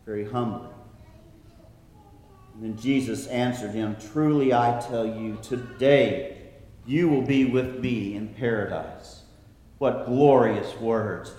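A man preaching a sermon in a slow, earnest way, dropping to a soft hush when he quotes scripture. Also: medium pitch. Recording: echoey hall, from a distance.

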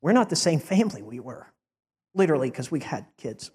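A man's voice: on the high side, sing-song, fairly quick, big-room sound, background noise. A man preaching a heartfelt farewell sermon to his congregation, building to emphatic rising declarations. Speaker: departing preacher.

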